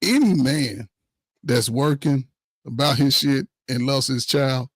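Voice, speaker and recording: A man talking casually on a discussion panel, telling stories in a loud, animated way with swearing and laughs. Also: medium pitch, takes it slowly, no echo. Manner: animated storytelling with profanity and laughs.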